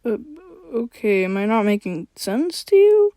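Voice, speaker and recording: A woman voicing a young male stranger with a fox tail, grumpy and stammering, in a slow read-aloud story. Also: mid-range voice, sing-song, warm tone, no room sound. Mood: impatient. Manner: stammering, sighing.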